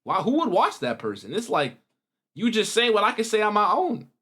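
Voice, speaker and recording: Slangy young man chatting loud and soft. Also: high voice, a little fast. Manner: rambling, slangy, animated with wide swings in loudness. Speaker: reaction video host. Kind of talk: casual chat to viewers.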